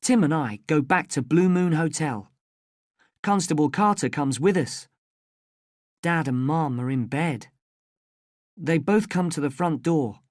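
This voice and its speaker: Storybook narrator, very slow, careful, plain reading, dry close mic. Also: medium pitch, darkish tone, no echo. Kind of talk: storybook reading for English learners.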